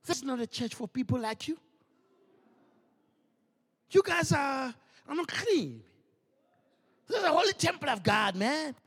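A man's voice: extremely high pitch, big pitch swings, a little slow, pauses often, fairly bright tone, heavily acted. A man voicing a stern male church usher who scolds a shabby visitor and sends him to the back, with long hall reverb. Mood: scornful. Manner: scolding, contemptuous.

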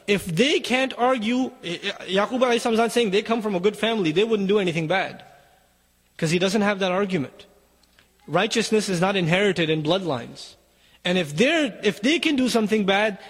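A man's voice: high voice, husky, in a large hall. A man giving an urgent sermon to parents, exhorting them directly. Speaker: Muslim speaker.

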